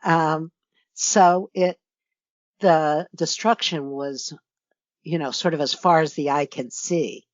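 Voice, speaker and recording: A woman's voice: low voice, no room sound, highs cut off. An older woman from New York with a New York accent, a guest author in a casual interview, talking reflectively and rambling with many fillers.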